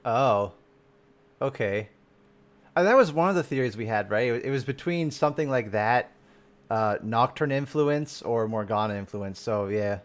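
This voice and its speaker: This man is live-streaming, reacting to game content in casual chat. He's excitable and swears freely, often trailing off and starting over, in a mid-range voice.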